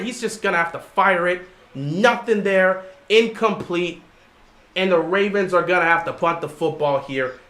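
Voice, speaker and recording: Animated man streaming live game commentary. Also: very high voice. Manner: animated, lectures the chat directly. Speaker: livestream host. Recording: roomy echo.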